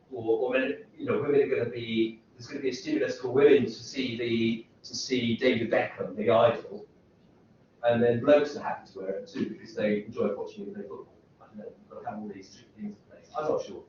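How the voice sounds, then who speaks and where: A man's voice: mid-range voice, darkish tone, a little hiss or hum. A man giving a university lecture, rambling and asking the students lots of questions. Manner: rambling, self-interrupting, asks rhetorical questions. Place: lecture room. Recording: echoey lecture hall from far off, dull sound.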